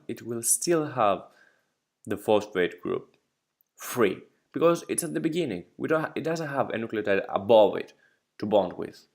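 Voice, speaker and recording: A man whose first language is Greek, teaching biology step by step over slides, asking the listener questions and correcting his own slides as he goes. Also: medium pitch. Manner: explains step by step, checks understanding with questions. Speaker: biology tutor.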